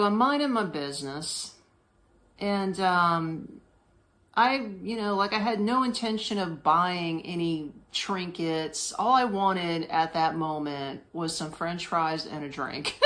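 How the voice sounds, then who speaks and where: Woman, podcast host, casual storytelling, slangy, laughs often, very lively pitch. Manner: animated, slangy, laughs often, mimics voices.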